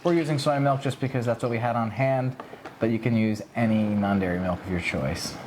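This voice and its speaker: A man co-hosting a cooking vlog, calmly and casually listing ingredients in a home kitchen. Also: medium pitch, fairly quick, a little hiss or hum. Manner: relaxed, easygoing, lists ingredients calmly. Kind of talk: casual recipe walkthrough.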